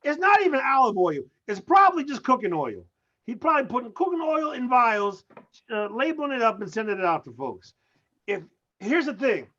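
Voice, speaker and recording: A man with a fairly high voice riffs through a casual comedy chat, incredulous and playful. The sound is muffled and lo-fi. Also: fairly quick. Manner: animated, incredulous, joking. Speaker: co-host. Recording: muffled lo-fi audio.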